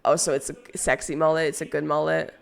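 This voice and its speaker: A woman's voice: sits low, level tone, fast talker, gravelly. Casting note: woman streamer, tipsy and stoned, loose rambling chat full of swearing. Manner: swearing, chatty, rambling with fillers. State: drunk and stoned. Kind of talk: casual chat with viewers.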